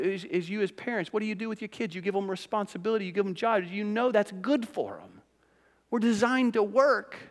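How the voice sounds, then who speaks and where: A man's voice: high-pitched, big-room sound. A man preaching a sermon as pastor, conversational and emphatic, with rising bursts of emphasis.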